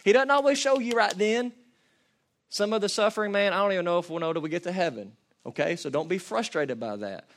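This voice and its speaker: A man preaching a passionate sermon, building from quiet reflection to shouted peaks. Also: high voice, animated, fairly quick. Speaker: pastor.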